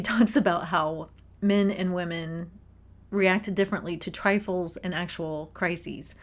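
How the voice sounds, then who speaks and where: Expressive woman talking about a book. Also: on the low side. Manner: expressive, storytelling, laughs while talking. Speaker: podcast host reading a book. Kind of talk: casual spoken book commentary.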